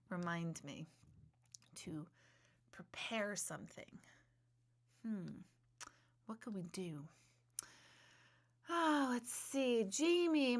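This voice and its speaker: A woman's voice: medium pitch, fairly bright tone. A woman in her forties, an intuitive medium hosting a live stream, chatting casually with viewers, rambling and joking at her own expense while she searches for words. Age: 40s.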